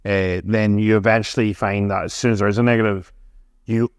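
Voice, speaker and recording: A man's voice: lowish voice, clear, resonant tone, no room sound, clean studio sound. A man, a podcast guest telling stories in casual chat, swearing freely. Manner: fast, animated storytelling with frequent swearing.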